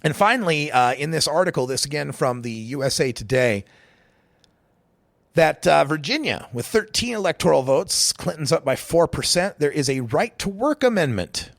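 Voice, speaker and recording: A middle-aged radio host, a man from Idaho, delivers pointed political commentary in a fairly high voice. He talks emphatically and throws in sarcastic asides. The sound is close and dry, with no room around it. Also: very animated, moderate pace, creaky, no echo.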